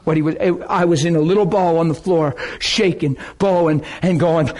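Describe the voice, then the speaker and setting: A man preaching a sermon with fervent, emotional delivery that swings from loud outbursts to hushed intensity. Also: sits high, lively intonation, measured pace.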